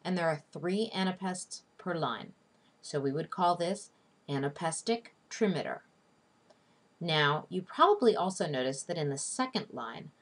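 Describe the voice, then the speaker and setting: A woman teaching a recorded lesson in a slow, deliberate, scripted way, spelling out each term. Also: lowish voice. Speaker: literature teacher. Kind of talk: scripted video lecture.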